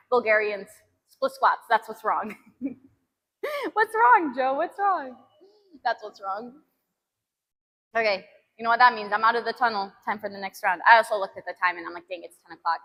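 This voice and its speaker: A woman's voice: medium pitch, fairly even intonation, a little fast, pauses often, fairly bright tone, rough recording. A young woman streaming a gym workout, chatting casually and breathlessly between sets, restarting her sentences. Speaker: fitness streamer.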